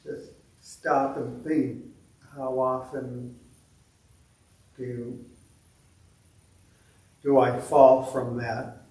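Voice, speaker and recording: A man leading a meditation group, talking in a halting, self-deprecating way with many restarts. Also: mid-range voice, little pitch movement, warm tone. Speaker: meditation leader. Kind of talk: reflective talk to a meditation group. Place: meditation temple hall. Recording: echoey room from a distant mic.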